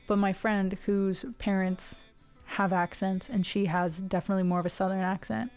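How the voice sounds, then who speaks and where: A young woman in her twenties, a music streamer from Ohio, rambles to her live stream audience with many tangents and fillers, faint music audible behind her. Her medium-pitched voice is smooth and a little mellow, and her delivery is flat at a normal speed. She has a neutral General American accent.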